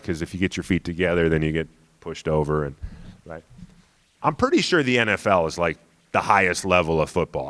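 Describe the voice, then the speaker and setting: Low-voiced man telling stories in a lecture. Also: fairly bright tone. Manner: conversational, self-deprecating, keeps asking "right?". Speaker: guest lecturer. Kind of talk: storytelling lecture to an audience.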